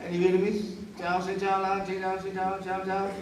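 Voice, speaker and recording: A man's voice: high voice, completely flat delivery, rapid-fire. A man presenting a live comedic demonstration, joking and teasing the crowd and calling for audience responses. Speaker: cultural show presenter. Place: outdoor show area with a crowd. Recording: echoey, distant, crowd noise.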